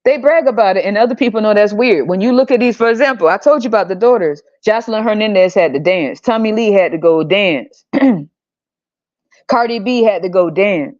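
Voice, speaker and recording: A woman podcast host talks in a blunt, profane rant at a middle pitch. She jumps into shrill, exasperated outbursts. The recording sounds slightly dull and lo-fi. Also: moderate pace. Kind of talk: opinionated rant.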